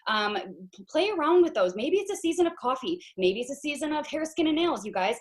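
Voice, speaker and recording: A woman leading a sales team on a video call, giving a lively pep talk and addressing the group as "you guys". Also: high-pitched, brisk.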